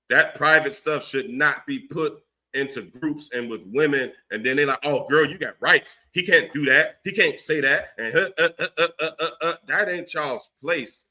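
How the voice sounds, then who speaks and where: A man with a Philadelphia accent hosting a livestream, ranting forcefully and preachily, with long runs of stammered fillers. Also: mid-range voice. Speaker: livestream host giving religious commentary. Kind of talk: heated livestream rant.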